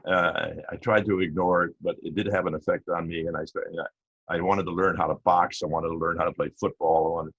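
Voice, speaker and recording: Older male interview guest, a retired cop, folksy and halting, with a low, slightly husky voice. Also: level tone, fairly bright tone, no room sound. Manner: rambling, halting, with many fillers and restarts. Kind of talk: casual storytelling interview. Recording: dull lo-fi audio.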